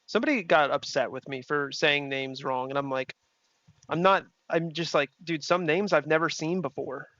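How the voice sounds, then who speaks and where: A man's voice: a little high, normal speed, sharp tone. A young man streaming a sim race, chatting casually with his chat, reading messages aloud and swearing freely. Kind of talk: casual livestream chat while racing. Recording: dull, slightly lo-fi stream audio.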